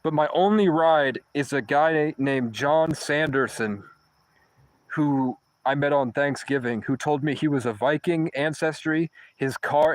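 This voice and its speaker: A man's voice: mid-range voice, rough recording. Rambling young man telling his story. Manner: rambling, profane, restarts mid-sentence. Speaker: vlogger. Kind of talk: casual storytelling monologue.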